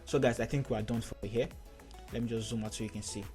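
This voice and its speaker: Man giving a step-by-step software tutorial. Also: medium pitch, quick pace, faint music behind. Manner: steady step-by-step instructions, repeats key points. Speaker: photo editing tutor. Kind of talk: screen-recorded software tutorial.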